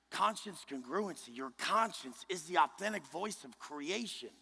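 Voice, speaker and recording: A man giving a motivational speech to a live group. He talks in a blunt, intense, heavily profane way and often pushes up to a shout. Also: a little high, vocal fry, slightly rough. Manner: forceful, often rising to a shout. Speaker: motivational speaker. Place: large indoor event room. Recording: live hall speech with long reverb.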